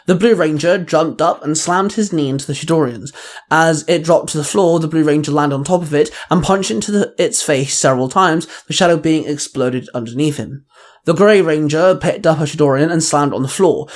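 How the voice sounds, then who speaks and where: A man's voice: a little high, moderate pace. Male storyteller reading fan fiction aloud. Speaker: host and fan fiction reader.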